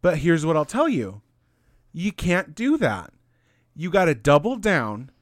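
A man's voice: a little high, big pitch swings, measured pace, no room sound, clean studio sound. A man in his late twenties co-hosting a casual podcast, giddy and joking, swearing a lot. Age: 20s. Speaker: podcast co-host.

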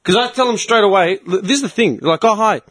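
Homem animado contando histórias com sotaque australiano. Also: male voice, high-pitched, fast talker. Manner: animated storytelling, swearing, acting out other people's lines. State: tired from early work. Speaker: podcast host. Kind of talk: casual podcast chat.

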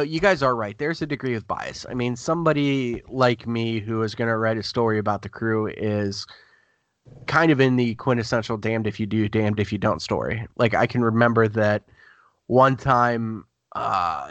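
A man's voice: fairly low pitch, a bit bright, no echo. A man talking as a guest sports writer in a casual podcast conversation, rambling through stories and acting out quotes as he goes. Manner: chatty, rambling storyteller who acts out quotes.

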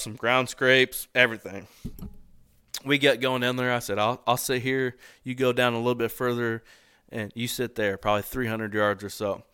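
A man casually telling a hunting story, animated and laughing often as he acts out the people in it. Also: mid-range voice, clear, resonant tone, no room sound, clean studio sound.

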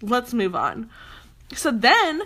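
A woman's voice: a little high, huge pitch swings, slow, pushed and bright. A young woman ranting heatedly in a commentary vlog, emphatic and swearing often, with a lot of "like" fillers. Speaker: commentary vlogger.

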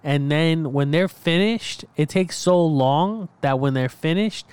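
A man's voice: a little high, measured pace, a little mellow, smooth, dry recording. Guy on a podcast cursing a lot, telling work stories, laughs as he goes. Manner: swears a lot, tells anecdotes with laughs. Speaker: podcast co-host. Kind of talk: casual chat.

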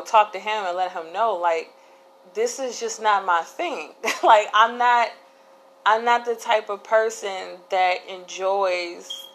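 A woman's voice: mid-range voice, a bit bright, poor audio. A woman hosting a casual solo podcast, talking candidly in a rambling way with frequent restarts. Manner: candid, rambling, laughs between thoughts. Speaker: podcast host.

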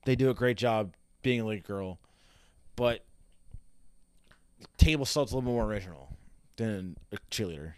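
A man's voice: on the low side, normal speed, long pauses, darkish tone, smooth, no echo, studio quality. A young man giving casual, sarcastic reaction commentary with heavy swearing and rambling asides. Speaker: reaction video host.

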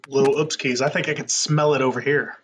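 A man's voice: medium pitch, steady tone, brisk, a little hiss or hum. A man co-hosting a casual podcast chat, teasing his friend with hesitant restarts. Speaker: podcast co-host.

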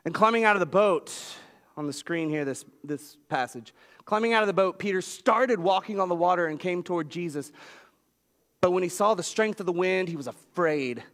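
A man preaching a sermon as pastor, telling a story with lively swings in pitch. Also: normal speed. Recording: long reverb of a large hall.

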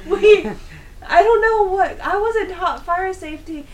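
A woman from California co-hosting a podcast, chiming in with quick jokes. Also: very high voice, a little mellow, recorded from a distance. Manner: quick joking interjections. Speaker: podcast co-host. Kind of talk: casual chat. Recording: voice a bit off-mic.

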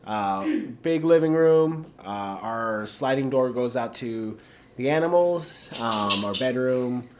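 A young man co-hosting a podcast in casual chat, describing things in short, relaxed bits with frequent "um"s. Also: medium pitch, slow pace, background noise. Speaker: podcast co-host.

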